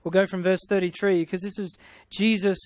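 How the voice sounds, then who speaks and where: High-voiced Australian preacher, dry sound. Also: male voice, little pitch movement, a little fast, darkish tone, no room sound. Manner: exclamatory, punctuating with hallelujah and amen; playful, paraphrasing scripture in everyday speech. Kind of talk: sermon teaching.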